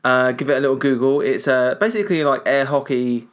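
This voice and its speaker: A man co-hosting a podcast after a few drinks, his words a touch slurred. He rambles loosely and chattily in an ordinary middle-pitched voice. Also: a little fast. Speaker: podcast co-host. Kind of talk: casual podcast chat.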